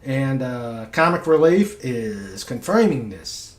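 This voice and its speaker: A man's voice: medium pitch, sing-song, reverberant. A man hosting a casual chat show, reading out odd news stories with asides. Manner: slow, reads news items aloud with asides. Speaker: host.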